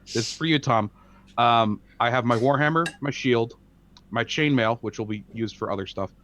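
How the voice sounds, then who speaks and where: A man's voice: medium pitch, normal speed, fairly bright tone, dull audio, slight background noise. A man playing a tabletop game, talking in a dry, matter-of-fact way. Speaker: player.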